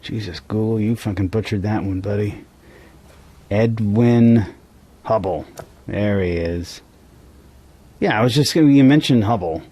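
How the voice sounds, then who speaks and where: A man's voice: lowish voice, a little slow, long pauses, dark tone. A man co-hosting a podcast in casual chat, profane and rambling, a little tipsy. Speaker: podcast co-host.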